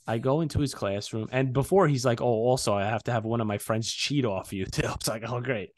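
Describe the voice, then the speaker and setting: A man co-hosting a podcast, telling a story in casual, profane, animated chat. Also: mid-range voice, fast talker, dry recording. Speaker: podcast co-host. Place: podcast studio.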